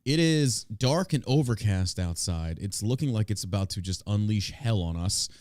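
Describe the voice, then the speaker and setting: A man's voice: on the low side, lively intonation, normal speed, a little mellow, dry recording, studio quality. A man hosting a podcast in casual chat, blunt and opinionated, with crude banter. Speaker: podcast host.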